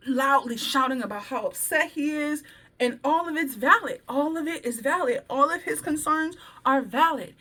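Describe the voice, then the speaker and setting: A woman vlogger telling a work story in casual chat, animated and slangy, acting out what people said. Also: sits high. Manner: animated, slangy, acts out quoted dialogue.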